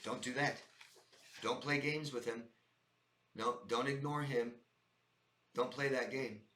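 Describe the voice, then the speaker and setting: Guy coaching viewers on dealing with people, punchy and repetitive, bright voice, roomy echo. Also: medium pitch, fairly even intonation, slow. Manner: emphatic and repetitive, addresses viewers as "guys". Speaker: life coach. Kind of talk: direct-to-camera advice monologue.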